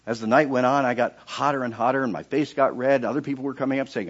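In a sermon, a man preaches his own testimony, dropping to a low, quiet voice for narration and bursting out high and loud when he reenacts his prayers. He talks quickly with almost no pauses, and the recording's highs are cut off.

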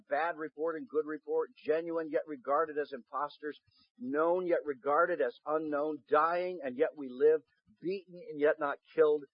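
A man preaching a sermon, reading scripture slowly and building to loud, emphatic passages, sometimes having the congregation repeat phrases after him. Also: a little high, no room sound, lo-fi sound. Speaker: pastor.

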